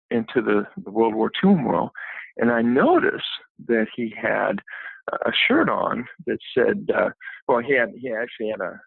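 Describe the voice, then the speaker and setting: A man from Ohio tells his story with real feeling, his pitch leaping up at the emotional peaks. There is a gravelly edge to his voice. The sound is dry and thin, like a phone call. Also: dry recording. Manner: animated, emotional storytelling with many restarts. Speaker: guest. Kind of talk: telling a personal story.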